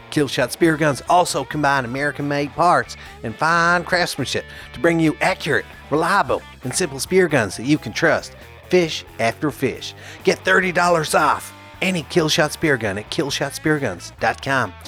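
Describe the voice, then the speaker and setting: A man's voice: a bit bright, lightly acted. A man doing a put-on accent ad announcer. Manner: upbeat sales pitch. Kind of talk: podcast ad read.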